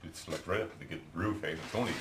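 A man's voice: deep voice, quick pace, noisy background. A middle-aged Canadian man with a Canadian accent, telling a rambling, chatty story while painting at home, tagging his lines with "eh". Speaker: hobby painter and video maker.

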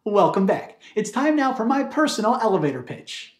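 A man hosting a comedy video, giving a scripted monologue with a mock-salesman, deadpan delivery. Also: sits high, normal speed, reverberant.

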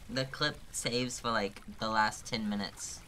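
A man with a lowish, fairly even, sharp-toned voice speaks at a measured pace over slight background noise. Streaming a game live, he talks to chat and thinks aloud, swearing often and laughing through his frustration.

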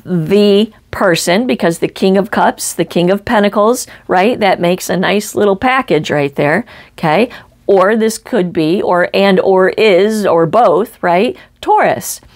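A woman's voice: mid-range voice, a little mellow. A woman giving a tarot reading in an emphatic, blunt way, checking in often with "right?" and "okay?" and swearing casually. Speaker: psychic tarot reader.

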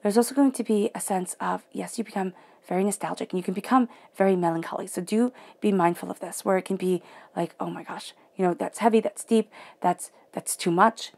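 Gravelly-voiced woman giving an emotional tarot reading. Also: medium pitch, a little fast. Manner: soft, emotional, drops into near-whispers. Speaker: tarot reader. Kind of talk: guided spiritual reading.

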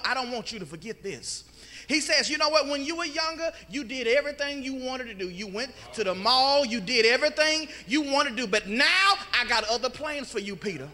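A man preaches in a church, his voice unusually high and bright. He calls out to the congregation for a response, pulls out a sung or shouted phrase, and then drops back to a plain teaching tone. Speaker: pastor. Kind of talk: sermon. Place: church sanctuary.

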